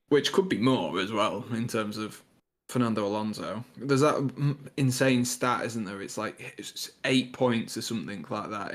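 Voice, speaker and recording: A man's voice: on the low side, creaky. A man co-hosting a live stream, talking casually and enthusiastically, with lots of "like". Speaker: co-host.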